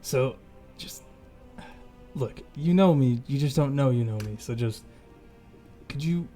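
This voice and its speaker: A man's voice: mid-range voice, mellow, faint music behind, lightly acted. Man voicing a sighing, hungry talking rat. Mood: pleading, furtive. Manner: sighing, halting, pleading. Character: hungry male rat speaking telepathically.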